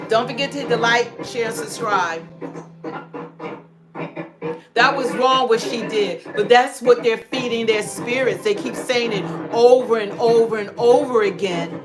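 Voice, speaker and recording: A woman's voice: on the high side, unhurried, over music. A woman hosting a political commentary livestream, talking emphatically and repeating her points. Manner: emphatic, repetitive, preachy. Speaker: livestream host.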